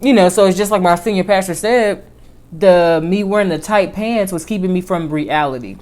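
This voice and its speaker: A woman vlogger chatting casually to her viewers in a rather low voice. She tells her story in an animated way, rising and falling in pitch and loudness as she goes. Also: moderate pace. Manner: chatty storytelling with lively swings in pitch and volume. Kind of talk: casual chat.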